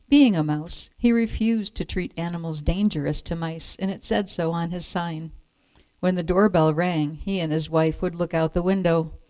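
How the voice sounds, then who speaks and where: Woman storyteller, lowish voice, dry close sound, measured read-aloud pace. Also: darkish tone, no echo. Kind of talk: reading a picture book aloud.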